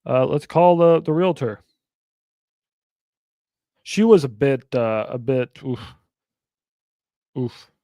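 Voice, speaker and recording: A man's voice: mid-range voice, animated, slow, long pauses, dark tone, no echo, studio quality. A young man hosting a casual livestream, talking bluntly and animatedly, with frequent swearing. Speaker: livestream host.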